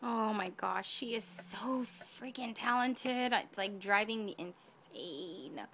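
A woman's voice: medium pitch, slow pace, fairly bright tone, slight background noise. A woman unboxing craft gifts on her vlog, gushing and breathless, gasping and whispering in awe, hot and catching her breath. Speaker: vlogger opening a craft swap package.

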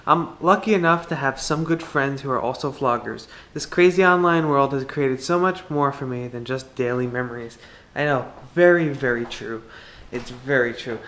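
Chatty young dad vlogging on camera. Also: male voice, a little high. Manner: chatty, upbeat, thinks out loud. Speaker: daily family vlogger. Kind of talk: casual vlog talk to camera. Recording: camera audio with steady background noise.

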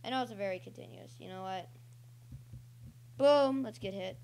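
This young woman is a channel host giving relaxed, rambling commentary over her online gameplay, now and then yelping and cheering with excitement. Her voice sits in the mid-range at normal speed, and there's a little background noise.

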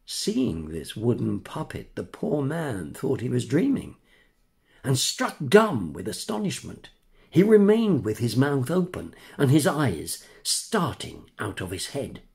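Older man reading a storybook slowly. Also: mid-range voice, creaky. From England. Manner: measured, expressive. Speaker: narrator.

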